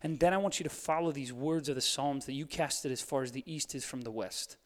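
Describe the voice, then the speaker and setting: A man preaching a sermon, moving between quiet hushed lines and fired-up urging, with a playful streak. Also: medium pitch, a little fast. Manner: playful, laughs at his own jokes. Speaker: pastor. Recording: long hall reverb.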